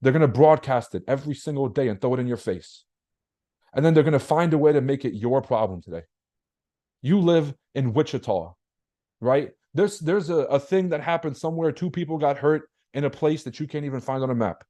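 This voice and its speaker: Young man, mellow dark voice, blunt slangy livestream talk, profane, rhetorical questions. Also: mid-range voice, lively intonation, a little fast. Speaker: trading webinar host. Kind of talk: casual livestream market commentary.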